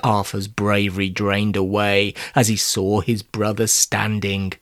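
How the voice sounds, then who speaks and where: A man's voice: on the low side, monotone, a little slow, few pauses, fairly bright tone, no room sound, studio quality. A man reading a rhyming children's story in a playful, theatrical way. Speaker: narrator.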